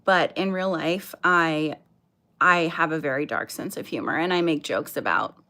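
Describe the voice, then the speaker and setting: A woman in her thirties talks slowly through a casual livestream. She sounds nervous and apologetic, and her speech is full of fillers and restarts as she greets viewers by name. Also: sits low, bright, forceful tone. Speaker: livestream host.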